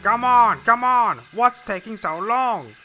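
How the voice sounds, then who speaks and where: A man's voice: fairly high pitch, very animated, unhurried, soft background music, full character voice. A man voicing an impatient, bossy male steam engine who huffs and barks orders. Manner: huffy, shouting orders.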